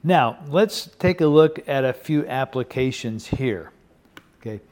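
Unhurried and a little mellow, an older man's medium-pitched, expressive voice carries his sermon. He preaches earnestly and conversationally, often turning to the congregation with "okay?" or "you know."

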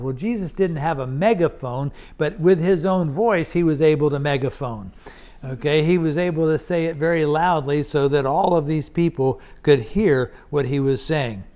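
A man's voice: on the high side, a little mellow. A man teaching through a Bible passage verse by verse, explaining in a conversational way with rhetorical questions and frequent restarts.

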